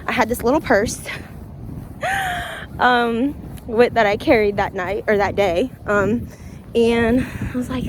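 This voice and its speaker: A woman's voice: fairly high pitch, very animated, a little slow, pauses often, noisy background. A woman vlogger telling a story to camera in a casual, chatty way, speaking straight to her viewers and laughing often. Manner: laughs often between lines.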